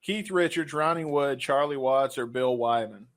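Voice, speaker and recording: A man co-hosting a casual podcast and reading quiz questions, loud and crude with lots of joking. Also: medium pitch, moderate pace. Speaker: podcast co-host.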